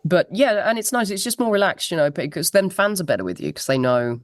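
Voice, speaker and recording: A woman's voice: extremely low pitch, a little fast, no echo, studio quality. A woman, a musician guest telling anecdotes in a chatty, laughing way over a laptop video call. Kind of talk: casual interview chat.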